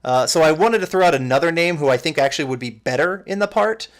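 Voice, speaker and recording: A man's voice: fairly high pitch, lively intonation, quick pace. A man co-hosting a podcast in casual chat, rambling with fillers and restarts. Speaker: podcast co-host.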